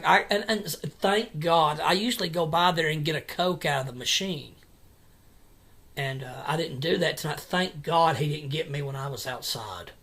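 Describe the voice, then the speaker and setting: A man's voice: on the high side, fairly bright tone. Agitated man ranting at home. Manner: agitated, repetitive, halting restarts. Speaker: vlogger. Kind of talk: angry personal vlog rant. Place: home at night.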